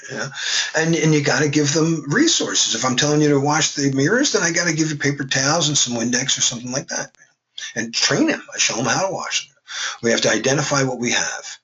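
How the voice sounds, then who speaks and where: A man's voice: medium pitch, pushed and bright, dull audio. A man teaching a class in a casual, conversational way, with joking asides. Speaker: instructor. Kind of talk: classroom lecture.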